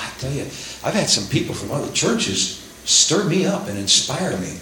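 A man preaching a sermon, quoting scripture and acting out prayers in an animated way. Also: on the high side, moderate pace. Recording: very echoey room with faint hiss.

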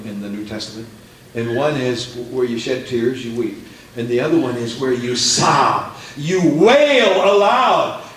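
Preacher man with a roomy echo. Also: high-pitched. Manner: swings from hushed to shouting, dramatic quoted voices. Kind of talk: sermon. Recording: roomy echo with faint background noise.

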